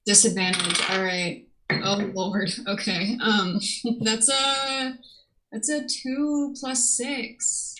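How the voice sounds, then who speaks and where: A woman's voice: mid-range voice, steady tone, slow pace, bright, forceful tone, rough recording. A woman playing a tabletop game, chatting casually between rolls. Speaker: player.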